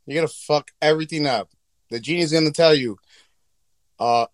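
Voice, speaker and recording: A man in casual, profane banter with a friend, animated and joking. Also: on the high side, normal speed, long pauses, dry recording. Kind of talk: casual chat.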